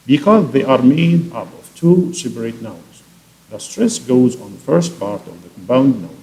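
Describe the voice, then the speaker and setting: A man's voice: mid-range voice, lively intonation, unhurried, mellow, poor audio. A man teaching a class, walking through answers one by one with filler words. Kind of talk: classroom instruction.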